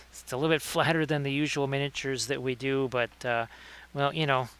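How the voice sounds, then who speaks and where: A man's voice: medium pitch, fairly even intonation, brisk, a bit bright, smooth. A man hosting a casual livestream painting tutorial, chatting with viewers by name between painting tips. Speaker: miniature painting streamer.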